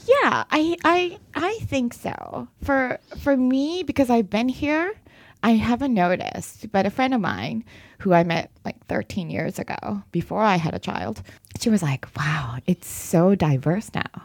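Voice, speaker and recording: A woman from Japan whose first language is Japanese, talking in a relaxed podcast chat. Her pitch swings widely as she acts out quotes and laughs. The sound is dry and close. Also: a little slow, no echo. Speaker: guest. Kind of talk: casual chat.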